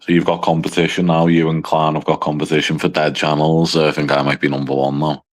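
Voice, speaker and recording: Brisk and very deep-voiced with little pitch movement, this livestream host carries a mild northwest English accent from near Liverpool. He bantures casually with a small live chat, teasing dryly, mocking himself, and swearing.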